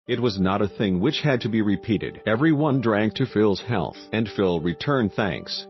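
A man reading a story aloud in a steady, even scripted narration. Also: lowish voice, normal speed, hardly any pauses. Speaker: audiobook narrator. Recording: dull lo-fi with faint music.

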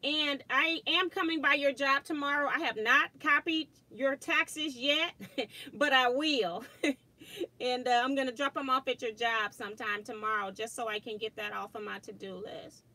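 Middle-aged woman, casual livestream host, high bright voice, chatty, quick to laugh. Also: dry recording, low-quality recording. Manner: chatty, laughs often, reads viewer comments aloud. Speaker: quilting channel host.

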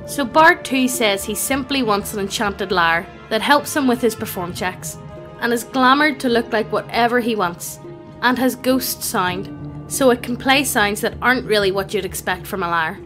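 A woman's voice: fairly high pitch, normal speed. A synthetic woman's voice reading out a tabletop gaming story as scripted narration, evenly and without fillers. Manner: even text-to-speech reading without fillers. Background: faint background music.

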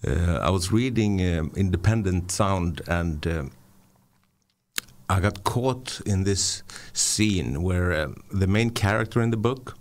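A deep man with a gravelly edge, talking in a halting way with lots of fillers and restarts. He has a cold and it comes through in his voice. It's a casual radio studio chat. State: voice affected by a cold. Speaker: radio producer.

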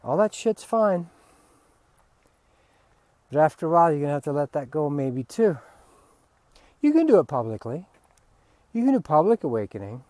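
A man, a spiritual teacher, giving a relaxed, candid talk and swearing freely. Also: fairly high pitch, fairly quick, pauses often, no echo.

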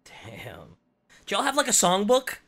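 Casting: male podcast host, chatty and reactive, bright forward tone. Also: high voice, wildly swooping pitch. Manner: chatty, reacts with quick exclamations. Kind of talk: casual podcast chat.

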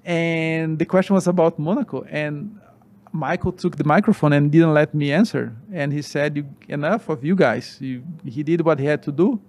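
Man, 40s, animated storyteller, halting English, slightly higher voice. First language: Portuguese. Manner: animated, halting non-native English with restarts. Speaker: former racing driver, guest. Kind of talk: interview storytelling.

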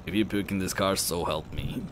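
A man voicing a bitter, stern young woman crocodile who speaks low, cold and clipped. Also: fairly quick, noisy background, lightly acted. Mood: flat, annoyed.

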